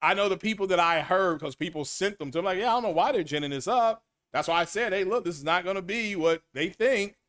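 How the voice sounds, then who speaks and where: Middle-aged male streamer, high-pitched, rambling and animated host energy. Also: fast, hardly any pauses. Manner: animated, rambling, repeats himself, reads chat names aloud. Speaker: gaming commentary host. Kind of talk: casual solo stream commentary.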